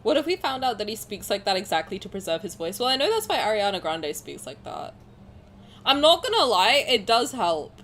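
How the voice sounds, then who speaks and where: A young woman streaming a game, chatting casually with viewers, swearing, getting excited, with a sore throat. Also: medium pitch, a little fast, a little hiss or hum.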